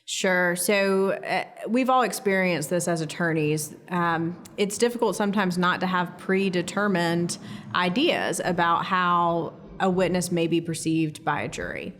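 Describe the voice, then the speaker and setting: Lower-voiced woman attorney, measured explanatory delivery with filler pauses, legal-education interview guest. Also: fairly bright tone. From United States. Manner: measured, explanatory, frequent ums and uhs. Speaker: criminal defense attorney, guest.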